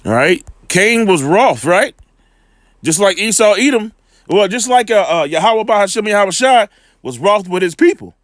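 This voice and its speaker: A man giving a loose, slangy scripture lesson, full of fillers and repeated "all right", slowing down when he reads the verses. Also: high-pitched, animated, fairly bright tone, no echo, studio quality. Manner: reads scripture slowly and deliberately. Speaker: bible teacher.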